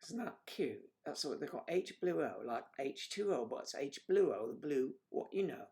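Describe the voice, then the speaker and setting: A man's voice: on the high side, animated, normal speed, a little mellow. A middle-aged man hosting a casual livestream, joking and chatting with viewers and reading out their comments. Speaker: livestream host.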